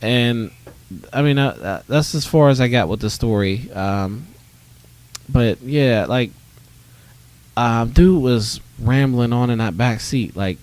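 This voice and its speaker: A man's voice: medium pitch, slow pace, a little mellow. Laid-back rambling man. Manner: rambling storytelling with many fillers and acted quotes. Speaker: podcast co-host. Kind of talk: casual chat.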